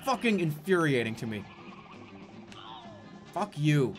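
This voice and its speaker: A man streamer giving casual gameplay commentary with a lively, animated voice. He breaks into loud, frustrated outbursts and cursing, then drops into quick, mumbled asides while reading chat. Faint music plays beneath him. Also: high voice. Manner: loud frustrated outbursts, swearing and laughing at the game. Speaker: game streamer.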